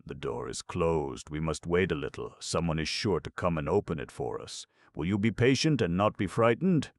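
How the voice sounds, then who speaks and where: A man's voice: sits low, animated, normal speed, no room sound, clean studio sound. A man voicing a tender young woman coaxing frightened children with a story, in an audiobook reading. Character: gentle young woman soothing trapped children.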